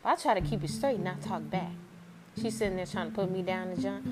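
Young woman, casual exasperated rant to camera, shifts from mocking low impressions to sharp high disbelief, music playing behind. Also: fast. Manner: exasperated, mocks her mother in a lower voice, rising disbelief.

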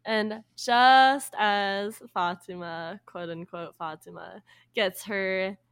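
A woman's voice: mid-range voice, fairly bright tone, clear, resonant tone. A young woman casually retelling a folk tale to a friend, laughing often and briefly voicing the characters. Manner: laughs often, acts out characters with quick voices. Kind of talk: casual storytelling chat.

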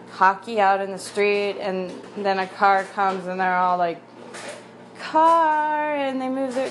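A woman's voice: mid-range voice, a little hiss or hum, low-quality recording. A woman hosting a casual chat stream, sarcastic and rambling, laughing often. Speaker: livestream host.

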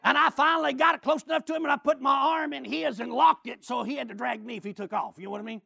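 A preacher tells a story in his sermon with gusto, often breaking into shouts. His voice is gravelly and forceful, with a husky edge. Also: very high-pitched, fast. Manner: animated, often shouting and laughing while telling a story.

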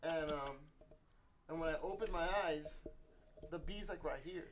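A man's voice: a little high, normal speed, noisy background. A young man co-hosting a podcast, telling a story in casual chat and acting out the screams and quotes. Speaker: podcast co-host.

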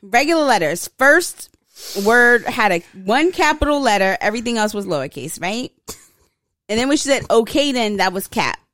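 A woman co-hosting a casual podcast, a little tipsy, telling a story in an animated way. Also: on the high side, brisk, no echo, studio quality. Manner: animated storytelling, reads out posts with emphasis. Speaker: podcast co-host. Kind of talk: casual chat.

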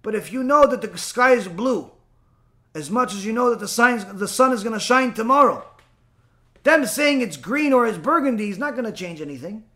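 In a voice that sits high and at a moderate pace, a man delivers an animated religious lesson as a teacher. He leans heavily on rhetorical questions and acted-out back-and-forth dialogue.

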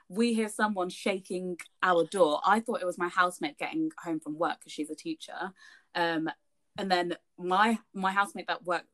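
Chatty young woman swearing freely. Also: fairly low pitch. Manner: chatty, frequent swearing, animated retelling. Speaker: podcast co-host. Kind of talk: casual chat, storytelling.

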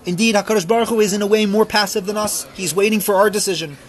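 Fervent, high-voiced man teaching scripture. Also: steady tone, quick pace. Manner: reads verses aloud, then translates and explains; builds to fervent emphasis, then drops to quiet reflection. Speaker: rabbi teaching a class. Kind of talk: Torah lesson.

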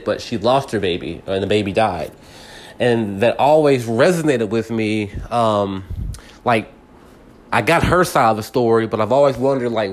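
Rambling low-voiced man in his thirties. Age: 30s. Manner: rambling with many restarts and fillers; grows heated and agitated when angry. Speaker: podcast host. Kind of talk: personal reflective monologue.

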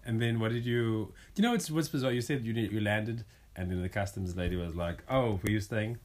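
A man's voice: on the low side, brisk. Teasing young man asking questions. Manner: teasing, prompts with questions, chuckles. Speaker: co-host. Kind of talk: casual couple chat, asking questions.

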